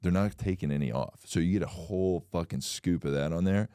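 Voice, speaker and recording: A man co-hosting a casual comedic podcast, swearing freely and jumping into shrill mock voices when he tells a story. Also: fairly quick, dark tone, clean tone, no echo, clean studio sound. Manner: profane, acts out shrill voices in anecdotes. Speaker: podcast co-host.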